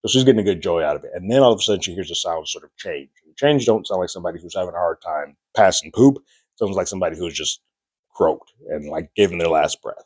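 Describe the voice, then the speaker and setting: A man's voice: low voice, fast talker, darkish tone, breathy edge, dry recording. A man casually recapping and reviewing a TV episode, telling the story loosely and jumping into a raised voice to act out what characters say. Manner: loose, chatty storytelling, acting out quotes in a raised voice. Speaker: podcast reviewer.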